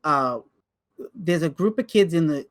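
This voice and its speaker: A man co-hosting a podcast, telling stories in a casual chat and stumbling over repeated words when excited. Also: fairly high pitch, measured pace. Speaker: podcast co-host.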